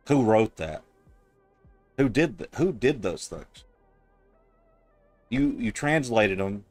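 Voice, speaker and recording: A man's voice: fairly low pitch, no room sound. A man streaming, reacting to a clip in casual, blunt, profane and mocking commentary on a close mic.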